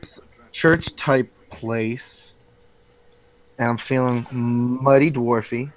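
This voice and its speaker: A man with a mid-range voice plays a tabletop game in a casual chat. He often loses his words and restarts. He speaks in halting bursts. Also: mid-range voice, steady tone, slight background noise, low-quality recording. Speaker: player.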